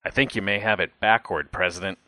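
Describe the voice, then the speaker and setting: Man doing mild observant father, matter-of-fact, low voice. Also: fairly even intonation, a little fast, bright, forceful tone, no room sound.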